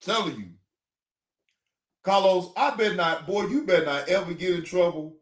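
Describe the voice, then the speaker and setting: A man hosting a casual reaction stream, ranting in an animated, emphatic and joking way. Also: high-pitched, moderate pace. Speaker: streamer host.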